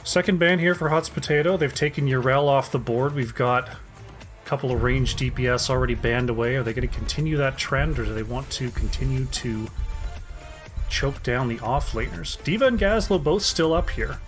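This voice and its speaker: A man's voice: mid-range voice, normal speed, soft background music. Casual male esports caster. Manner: casual, chatty, reads out chat names. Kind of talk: solo esports draft commentary.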